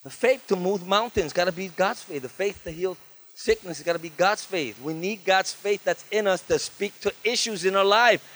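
A man's voice: high voice, normal speed. A man preaching as a guest pastor at a church service, fervent, with story-telling asides and calls for amens. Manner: tells stories with lively asides. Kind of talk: sermon.

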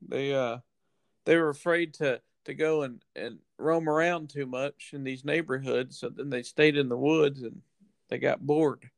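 A man's voice: mid-range voice, steady tone, measured pace, vocal fry, dry recording. A man co-hosting a podcast in casual chat, laid-back and full of fillers and restarts. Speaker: podcast co-host.

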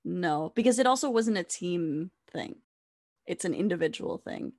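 Young woman, podcast co-host, casual chat, lively pitch, dry close sound. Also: normal speed, no echo. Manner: animated, acts out quoted voices, many fillers and restarts.

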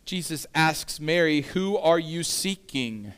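Smooth-voiced man preaching casually. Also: on the high side, animated, takes it slowly, fairly bright tone. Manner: conversational preaching with casual asides. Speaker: pastor. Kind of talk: sermon.

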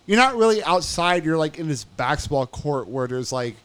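A man's voice: fairly high pitch, moderate pace, smooth. A young man in casual chat, telling a profane story and acting out the people in it. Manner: profane, animated storytelling with acted-out quotes. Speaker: guest telling stories.

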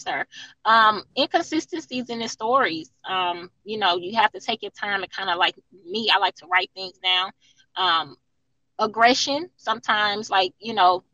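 A woman telling her own story in an interview, earnest and halting, with many fillers. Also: medium pitch, bright, forceful tone, no echo, low-quality recording. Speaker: interview guest. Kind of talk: candid personal account in an interview.

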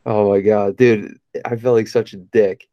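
A young man co-hosting a podcast, telling a long story in a relaxed way, laughing often and filling with "like". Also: fairly low pitch, unhurried, no echo, lo-fi sound. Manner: laid-back storyteller, laughs often, many fillers. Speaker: podcast co-host. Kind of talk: casual chat.

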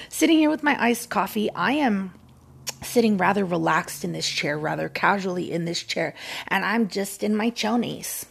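A woman's voice: mid-range voice, expressive, moderate pace, vocal fry, slightly rough. A woman podcast host rambling casually and self-mockingly from a recliner at home. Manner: scattered, self-mocking, giggly.

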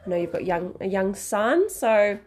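NZ woman host; upbeat, quick questions, middle pitch. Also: expressive, a little mellow. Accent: New Zealand. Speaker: interviewer. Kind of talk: interview.

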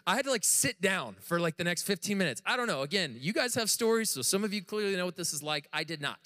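An American man preaching a sermon to a live congregation, telling stories in an animated, joking way. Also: high-pitched, fast, long reverb tail. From United States. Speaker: pastor. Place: church room with audience.

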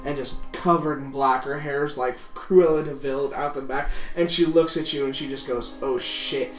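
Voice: mid-range voice, fairly even intonation, moderate pace. A game master narrating a tabletop game in a rambling way, full of fillers. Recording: roomy, distant mic, music behind.

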